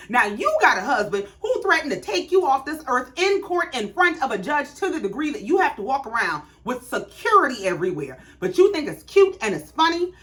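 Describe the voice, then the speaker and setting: A woman's voice: on the high side, a bit bright. Sassy, blunt woman recapping reality TV. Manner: sassy, blunt, profane storytelling. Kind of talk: casual reality show recap.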